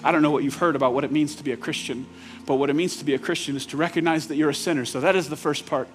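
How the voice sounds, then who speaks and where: A man's voice: on the high side, steady tone, very fast, soft background music. A male pastor preaching in a church, talking plainly to the room and building to urgent, emphatic points. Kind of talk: sermon. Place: church sanctuary.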